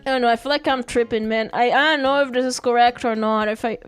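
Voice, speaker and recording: A woman's voice: a little high, steady tone, fast, smooth, faint music behind. A woman streaming live while drawing, chatting casually and playfully, giggling and repeating phrases to herself.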